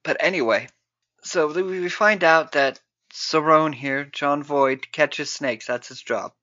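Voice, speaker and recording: Podcast co-host, male, bright and slightly high voice, jokey, dull lo-fi dry sound. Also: slow pace, no room sound. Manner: jokey, acts out quotes in silly voices. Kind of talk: casual movie chat.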